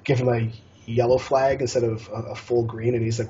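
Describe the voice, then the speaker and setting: A man's voice: mid-range voice, flat delivery, a little fast, dark tone, slight background noise. A man guest on a casual gaming podcast, talking in a rambling way with many restarts and fillers. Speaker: guest, challenge curator. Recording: dull lo-fi podcast audio.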